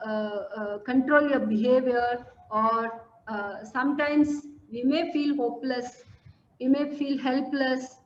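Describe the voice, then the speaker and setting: A woman gives a motivational mental health talk over a video call. Her voice sits high and carries a roomy echo, and the audio sounds dull and lo-fi. She talks earnestly, repeating points with many fillers. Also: slight background noise. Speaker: counselor giving a talk. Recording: echoey room, dull lo-fi audio.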